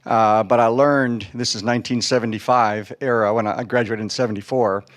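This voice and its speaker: A man in his sixties from Chicago, a panelist telling his career story in a halting way, full of fillers and restarts. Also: medium pitch, steady tone. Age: 60s.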